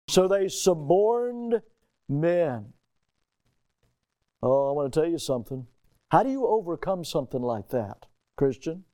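Male pastor with a high, warm voice delivering an emphatic sermon full of rhetorical questions. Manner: emphatic, rhetorical questions, sudden rises in pitch and loudness.

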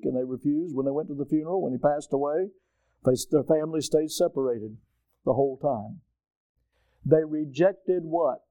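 A man's voice: on the high side, mellow, no echo, rough recording. Older man preaching an emphatic sermon. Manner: preaching, rising to emphatic peaks and asking the congregation questions. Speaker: pastor.

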